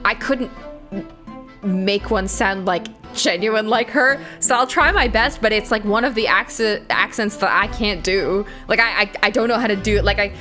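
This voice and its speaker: A woman's voice: mid-range voice, normal speed, bright, forceful tone, soft background music. A woman of Italian family in casual chat, chatty and self-deprecating with many likes. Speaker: player voicing a game.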